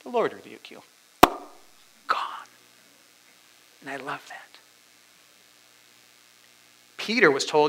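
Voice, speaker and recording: A male preacher giving a dramatic sermon, swinging from loud declarations down to whispers. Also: fairly high pitch, very animated, measured pace, creaky, long pauses, husky, poor audio.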